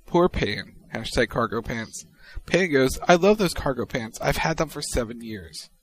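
A man co-hosting a podcast, reading out tweets in casual chat with a wry, deadpan delivery. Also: mid-range voice, moderate pace, poor audio. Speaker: podcast co-host.

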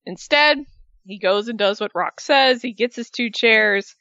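A woman co-hosting a casual recap chat, animated and sarcastic, with excited outbursts. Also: on the high side, a little slow, no room sound, lo-fi sound.

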